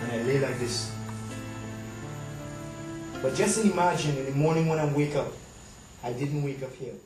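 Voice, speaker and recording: A man's voice: medium pitch, moderate pace, heavy reverb, recorded from a distance, rough recording. A man giving a devotional sermon, earnest and dramatic, speaking directly to the listener. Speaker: preacher. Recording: music playing under the voice. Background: music.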